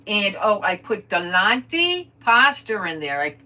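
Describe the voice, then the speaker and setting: A woman's voice: medium pitch, very animated, slow pace, sharp tone, soft background music. An older woman chatting casually while she crafts on a livestream, rambling about family news and greeting viewers by name. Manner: chatty, rambling, reads viewer comments aloud.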